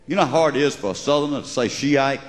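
Performing before a crowd at a big live venue, this middle-aged Southern comic with a Georgia accent delivers mocking, wry stories. He talks quickly at a medium pitch, and the echoey hall carries background crowd noise.

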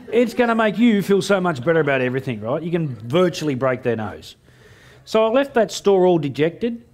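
A man's voice: on the high side, darkish tone. A middle-aged Australian man giving a keynote speech to a live audience, telling cheeky stories and acting out both sides of his conversations. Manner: cheeky storytelling, acting out dialogue with a jokey punchline rhythm. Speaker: motivational speaker.

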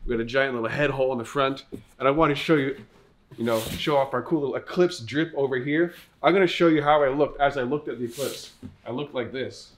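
A man's voice: mid-range voice, brisk, a little hiss or hum. Store staffer, male, stuffy-nosed and muffled, hamming it up with mock-formal flourishes in a casual fit check. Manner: playful, mock-grandiose. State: congested, muffled voice. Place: clothing store.

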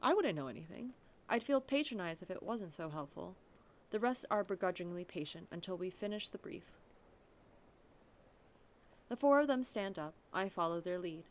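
A woman's voice: lowish voice, animated, moderate pace. A woman reading a visual novel aloud. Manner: reads along, breaks off to laugh and comment. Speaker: let's play narrator.

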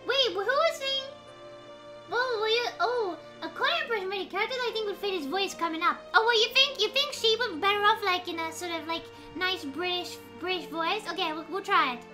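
A woman's voice: very high voice, fairly quick. A woman streamer playing a game live, talking in a goofy, dramatic way and joking a lot. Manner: goofy, dramatic, swears with abbreviations. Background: game music.

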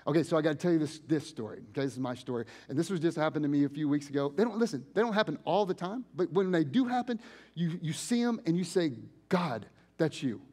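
Man preaching, pastor's sermon, storytelling, lively and a bit higher voice, swings loud to hushed. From United States. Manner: conversational storytelling with quick shifts between loud and hushed. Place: church sanctuary.

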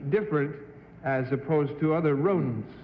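A man on a game show panel asks his questions haltingly, his voice pitched a little high. The sound echoes through a studio hall, with clear hiss on the dull old recording. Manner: hesitant, full of uh. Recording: muffled 1960s broadcast audio in a large hall.

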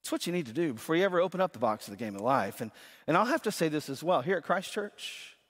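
Brief: a conversational male pastor with a fairly high voice, preaching in a church sanctuary with a long echo. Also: big pitch swings, fast talker, fairly bright tone, slightly rough. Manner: conversational, often repeats words as he starts phrases. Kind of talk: sermon. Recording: long reverb of a church hall.

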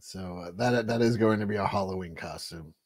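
A man with a deep voice, talking a little fast, hosts a casual livestream. He rambles profanely, restarts his sentences often and reads out messages from viewer chat.

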